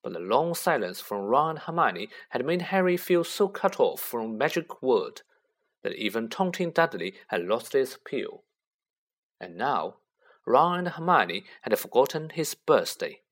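Male storybook narrator, lively and expressive, mid-pitched voice. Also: measured pace. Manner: expressive, animated reading. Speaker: audiobook reader.

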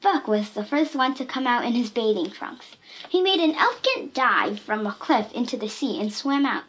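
Female storybook narrator, lively and expressive, a bit high-pitched. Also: moderate pace. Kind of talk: storybook reading.

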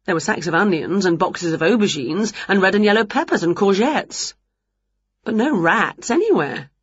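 A woman reads a children's storybook aloud with a lively, swooping delivery. Her voice is slightly breathy and close, in a dry, dull lo-fi recording. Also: mid-range voice, normal speed, no echo. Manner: expressive, animated storytelling. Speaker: storybook reader. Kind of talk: storybook read-aloud narration.

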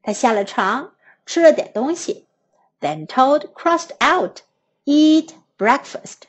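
A woman with a Mandarin Chinese accent reading a children's story aloud in two languages, slow, clear and patient. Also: high voice, very animated.

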